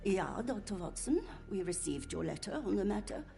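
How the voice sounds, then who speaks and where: An actress playing a brisk, formal receptionist at an asylum. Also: female voice, mid-range voice, very animated, vocal fry, dark tone, soft background music.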